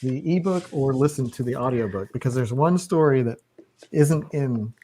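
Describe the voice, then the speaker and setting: A woman's voice: very deep voice, moderate pace, warm tone, a little hiss or hum, rough recording. A woman hosting a live book discussion in casual, playful chat. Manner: chatty, playful, leads the talk. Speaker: book club host.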